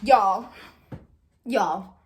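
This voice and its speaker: A woman's voice: mid-range voice, very slow, slightly rough. A young adult woman vlogging a casual storytime about a rude customer at work, exasperated and full of rhetorical questions.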